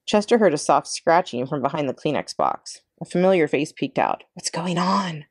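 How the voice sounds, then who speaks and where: A librarian woman reading a children's chapter book aloud with expressive narration. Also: low-pitched, brisk, dry recording, studio quality. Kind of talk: read-aloud storybook narration.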